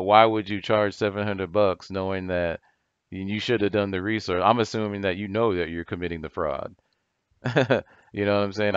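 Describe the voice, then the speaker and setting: A man's voice: lowish voice, fairly bright tone, smooth, no echo. A man ranting to camera in a blunt, profane way, often asking "you know what I'm saying?", on a dull lo-fi recording. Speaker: channel commentator. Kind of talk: heated rant to camera.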